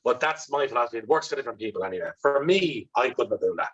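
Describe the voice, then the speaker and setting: An Irish man, a guest in an interview, telling candid stories about himself in a blunt, animated way and swearing freely. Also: mid-range voice, fast, husky, lo-fi sound. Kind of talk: candid storytelling.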